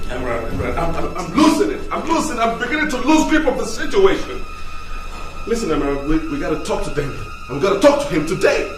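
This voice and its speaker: An actor playing an obsessive husband who swings between begging and shouting at his wife. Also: high voice, very animated, fast, over music. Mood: desperate. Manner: volatile, swings from pleading to shouting. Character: obsessive, possessive husband, desperate and volatile. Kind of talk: film drama acting. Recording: film score under dialogue.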